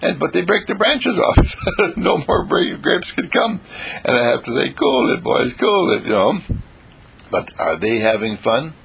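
A man giving an exuberant inspirational monologue, with a husky, gravelly voice, swooping between high exclamations and low murmurs and repeating his phrases. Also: lively intonation, a little slow, a bit bright.

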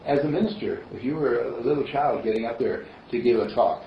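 A man's voice: mid-range voice, fairly quick, a little hiss or hum. A man giving a spiritual sermon in a rambling, chuckling, storytelling manner. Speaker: minister. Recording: distant roomy dull recording.

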